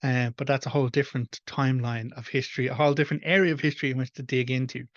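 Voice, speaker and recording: A man's voice: medium pitch, fairly even intonation, very fast, no room sound, dull audio. An Irish man hosting a reaction video, ranting bluntly and with frustration. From Ireland. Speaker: host. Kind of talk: reaction commentary.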